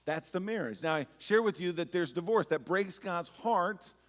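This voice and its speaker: A male pastor speaks from the pulpit in a relaxed, conversational way and weaves personal stories and light humor into his preaching. His voice sits a bit high for a man. A long reverb fills the sanctuary around him. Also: moderate pace. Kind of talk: sermon. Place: church sanctuary.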